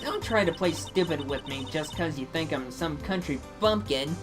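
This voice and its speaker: A woman's voice: deep voice, animated. A woman voicing a brash, touchy southern photographer with a heavy drawl, reading a game aloud over game music. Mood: scolding. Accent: American Southern. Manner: heavy drawl, scolding, quick to bristle.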